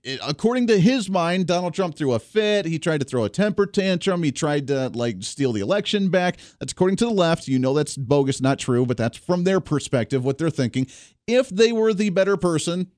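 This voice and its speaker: A man in his thirties hosting a talk show, telling a family story and giving opinions in an animated, indignant way. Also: fairly high pitch, a little fast, no echo, clean studio sound. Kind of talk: opinionated monologue.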